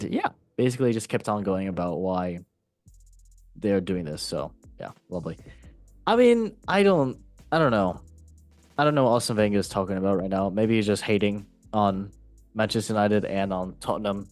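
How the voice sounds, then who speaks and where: A man's voice: lowish voice, animated, moderate pace, darkish tone, dry recording, faint music behind. A man hosting a casual football podcast, reading news in a chatty, jokey way and tripping over words now and then. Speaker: host.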